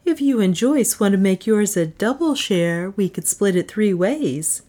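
A cheery, scheming young woman makes her case in a bright, coaxing tone, as a woman reading the story voices her. Her voice is lively and goes up and down a lot. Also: medium pitch, measured pace, lightly acted.

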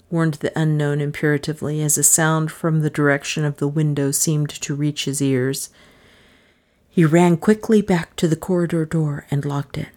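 A woman narrating a mystery novel aloud in a measured, unhurried reading, voicing the characters' lines. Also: low-pitched, fairly even intonation, darkish tone. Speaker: audiobook narrator. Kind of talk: scripted narration.

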